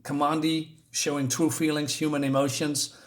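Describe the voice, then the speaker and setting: A man casually reviewing a comic book, paging through it while pausing often to search for words. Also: fairly high pitch, level tone. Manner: halting, searches for words, many fillers.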